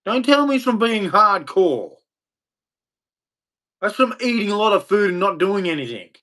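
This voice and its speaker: A middle-aged man, his voice sitting a bit high, hosts an opinionated rant. He talks bluntly and mockingly, slipping into voices to act out the people he mocks. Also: sing-song, moderate pace, bright, forceful tone. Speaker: host.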